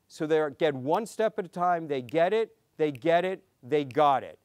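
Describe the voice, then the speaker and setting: A man, a pediatrician, giving a conference talk, telling clinic stories and acting out the dialogue in a lively way. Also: fairly high pitch, measured pace, dry recording, studio quality. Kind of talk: conference lecture.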